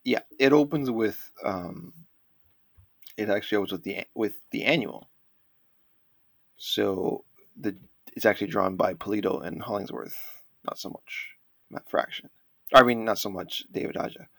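A man's voice: on the low side, moderate pace, creaky, long pauses, fairly bright tone, dry recording. A man co-hosting a casual comic-book podcast, talking in rambling bursts with many restarts. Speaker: podcast co-host.

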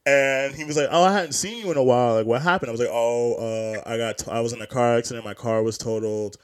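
A man's voice: mid-range voice, fairly even intonation, quick pace, smooth. A young man co-hosting a podcast, talking in a loose, rambling, profane way and laughing often. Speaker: podcast co-host. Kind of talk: casual chat.

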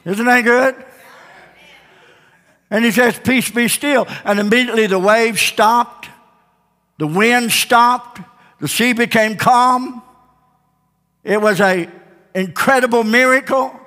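A male pastor preaching a sermon with passion, swinging between loud declarations and quiet lines. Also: very high voice, slow pace, pauses often, long reverb tail.

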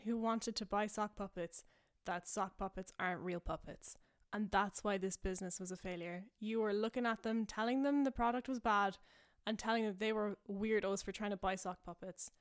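A woman's voice: medium pitch, smooth, natural voice. A woman playing a heartbroken wife who turns on her husband with indignant, accusing lines. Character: heartbroken wife, failed sock puppet maker.

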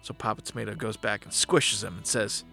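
A drunk man co-hosting a casual film podcast, loud, swearing and laughing a lot. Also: on the low side, fairly even intonation, fairly quick, creaky. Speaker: podcast co-host.

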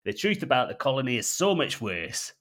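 A man voicing a gruff, scheming male cleaner with a North Yorkshire accent, read aloud in a comedy podcast. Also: medium pitch, sing-song, brisk, a bit bright, pitched above the performer's own voice. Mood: conspiratorial. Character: gruff older male janitor, scheming conspiracist.

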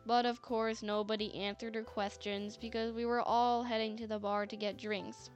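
A woman's voice: on the high side, little pitch movement, normal speed, dull audio. A woman narrating a story in a chatty manner, with sarcastic asides. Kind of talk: scripted narration. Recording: faint music bed.

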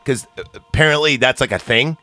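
A man's voice: medium pitch, lively intonation, normal speed, a bit bright, no echo, faint music behind. Rambling, crude-joking man chatting about a film. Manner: rambling, joking, crude, trails off mid-thought. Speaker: podcast co-host. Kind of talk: casual movie discussion.

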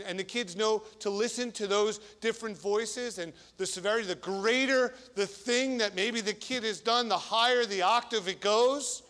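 A man's voice: high voice, a bit bright. A man preaching a sermon as a priest, conversational and emphatic, with frequent repetitions and restarts.

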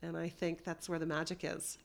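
A woman's voice: sits low, little pitch movement, fairly quick, vocal fry. A woman hosting a podcast, speaking in an encouraging, heartfelt and earnest way. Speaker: podcast host. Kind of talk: interview conversation.

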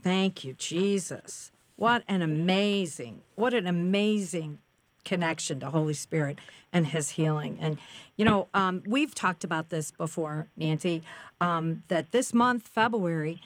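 A woman's voice: lowish voice, a little slow, no room sound. A woman hosting a Christian talk show, affirming her guest with devout interjections. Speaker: host.

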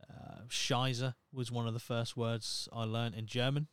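In a smooth, mid-range voice with little pitch movement, this Norfolk man in his thirties talks a little slowly through his solo podcast, meandering, swearing and making fun of himself. There's no room sound.

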